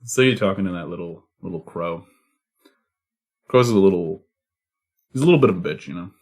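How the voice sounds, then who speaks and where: A man voicing a pushy, sly male seagull that talks in a low, hushed way. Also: expressive, brisk. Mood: conspiratorial.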